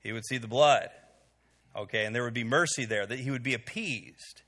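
Before a live audience in a room, a man leads a Bible study conversationally, peppering it with "okay"s and fillers and putting questions to the group. His mid-range voice has a fairly bright tone at a normal speed.

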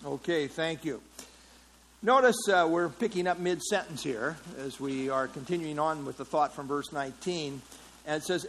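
A Bible teacher leads an interactive study, explaining a passage conversationally, using frequent fillers, and putting questions to the class. His voice is on the high side and a bit bright, at a moderate pace. The audio is poor, with slight background noise.

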